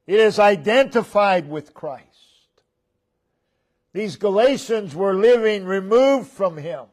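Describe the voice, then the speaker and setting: A man preaching a sermon as pastor in a church, repeating key phrases with emphasis and letting phrase ends fall to a low murmur. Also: darkish tone. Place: church sanctuary.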